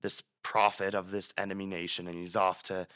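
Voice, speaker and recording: A man's voice: low-pitched, level tone, fairly quick, fairly bright tone, clean tone. A man in his twenties, a student guest on a casual podcast, retelling stories with animation and frequent restarts.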